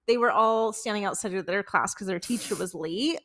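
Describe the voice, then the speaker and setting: A woman's voice: mid-range voice, a little fast, a bit bright. A woman in her twenties co-hosting a podcast, telling embarrassing stories in casual chat, full of "like" and laughter. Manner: chatty, many "like"s, laughing while telling stories. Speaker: podcast co-host.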